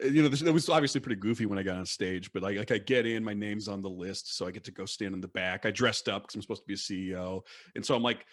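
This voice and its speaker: A man's voice: fairly low pitch, a bit bright. A man co-hosting a casual podcast chat, telling stories in a rambling, self-interrupting way. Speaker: podcast co-host.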